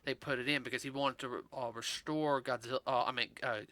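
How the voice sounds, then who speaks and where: A man hosts a casual podcast chat. His voice is very bright and cutting, recorded dry and close, and he rambles with lots of fillers and self-corrections while ribbing his co-host. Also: mid-range voice, fairly even intonation, fast, dry recording. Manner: rambling, many fillers and restarts, teasing. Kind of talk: casual chat about films.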